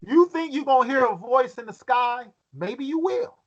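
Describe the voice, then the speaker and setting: A man leading a Bible study, reading scripture aloud and putting questions to his listeners, sometimes halting and repeating words as he thinks. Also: very high-pitched, animated, muffled recording.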